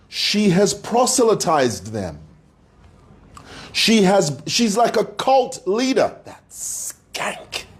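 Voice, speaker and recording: Host, male, mocking commentary monologue, lively pitch that swings up and down, preacher-like asides to the audience. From Zambia. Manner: combative, mocking, preacher-like address to viewers.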